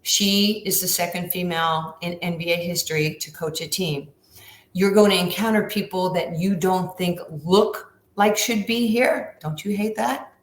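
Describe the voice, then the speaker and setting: A woman playing a calm, firm young male athlete, quoting him in an earnest, lecturing tone. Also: on the low side, moderate pace, slight background noise, lightly acted. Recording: roomy echo.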